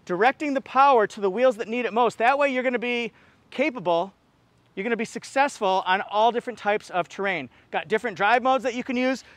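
A man's voice: sits high, a bit bright, no echo. A man giving an upbeat, jokey walkaround car review, with playful exclamations.

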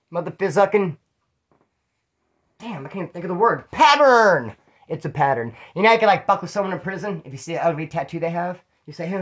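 A man's voice: fairly high pitch, fairly bright tone. A man who served time, telling his own prison stories in a rambling, profane way full of street slang. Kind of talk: casual spoken storytelling.

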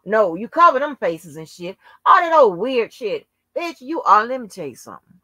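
A woman's voice: fairly high pitch, big pitch swings, normal speed, pushed and bright, no echo. A woman hosting her own channel, ranting heatedly and profanely at someone, stretching out words for emphasis. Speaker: channel host. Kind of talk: casual rant to camera.

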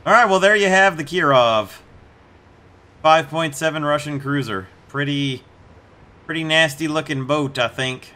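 Bright-voiced man chatting over gameplay. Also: a little high, unhurried. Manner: chatty, amused, puts on mock accents for jokes. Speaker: gameplay video host. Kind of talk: casual gameplay commentary.

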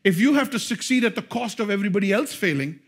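Husky high-voiced male pastor preaching. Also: animated, quick pace. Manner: preaching with dramatic swings between hushed and loud. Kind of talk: sermon.

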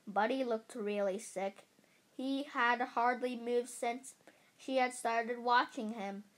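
Slow, halting woman reading a storybook. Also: a little high, fairly even intonation, a bit bright. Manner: halting, self-correcting reading. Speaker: storybook reader. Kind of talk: reading a children's book aloud.

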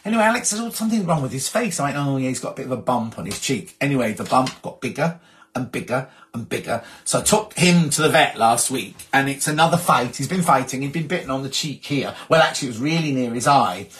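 A man's voice: mid-range voice, lively intonation, fast, a bit bright. A man hosting a casual live stream, reading out viewer messages in a chatty, rambling way and often breaking off mid-sentence. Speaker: host.

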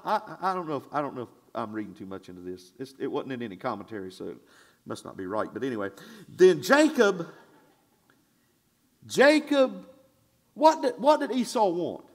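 A male pastor preaching a sermon in a church, swinging from shouted declarations to hushed asides in a folksy, conversational way. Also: sits high. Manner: conversational, drawn-out and folksy, with audience call-and-response.

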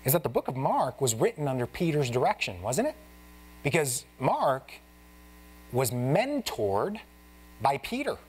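A man preaching as a pastor in a church, teaching in a casual, chatty way, talking to the congregation like friends and acting out Bible scenes. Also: fairly high pitch. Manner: acts out the Bible characters in lively voices. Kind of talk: expository sermon. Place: church sanctuary.

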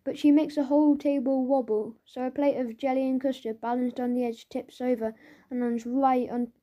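Brief: woman reader, kids' audiobook, lively first-person schoolboy narration, slightly high, mellow tone. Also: normal speed, lo-fi sound.

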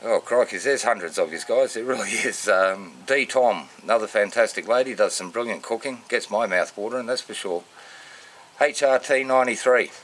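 A man with an Australian accent and a fairly low voice, chatting loosely and full of slang, like he's doing casual shout-outs to his mates. There is a faint hum of noise under him. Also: normal speed. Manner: matey, rambling, full of slang. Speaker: vlogger.

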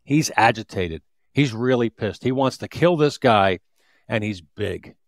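A man's voice: medium pitch, animated, unhurried, no echo, clean studio sound. A man in his fifties, a retired police detective, telling a street story in an interview with vivid, repetitive restarts.

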